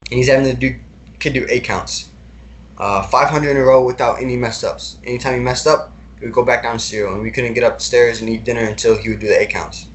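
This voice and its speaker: A young man speaks casually as a podcast guest, retelling his own experiences. His delivery wanders, full of fillers and restarts, at an ordinary middle pitch. A faint noise sits underneath the voice. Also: fairly even intonation, fast. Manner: casual, rambling, many fillers and repeated words. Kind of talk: recounting personal experiences in a podcast interview.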